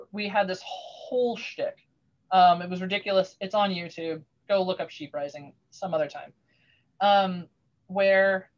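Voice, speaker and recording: A woman telling a long animated story in a casual chat, rambling with many restarts, heard over a video call. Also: medium pitch, lo-fi sound. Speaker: craftsperson sharing her work on a video call.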